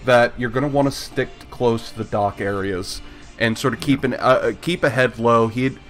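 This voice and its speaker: A man's voice: medium pitch, fairly even intonation, normal speed, faint music behind. A man running a live tabletop game stream as game master, chatty and self-mocking.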